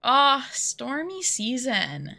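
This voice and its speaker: Chatty woman streamer with a gravelly edge. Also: sits high, big pitch swings, extremely slow, background noise. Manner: chatty and self-mocking, laughs often. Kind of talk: casual live-stream chat while gaming.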